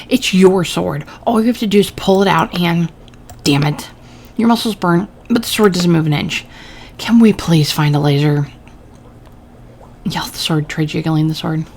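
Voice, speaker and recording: A woman's voice: fairly low pitch, a little mellow, slight background noise. A woman playing a story game, reading its text aloud and adding casual, wry comments of her own. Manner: casual, wry asides between read lines. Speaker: gaming channel host.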